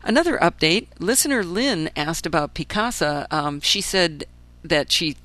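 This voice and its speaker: A woman hosting a casual solo podcast, chatty and enthusiastic with wry asides, her voice still hoarse after a flu. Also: lowish voice, lively intonation, unhurried, fairly bright tone, no room sound. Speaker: podcast host.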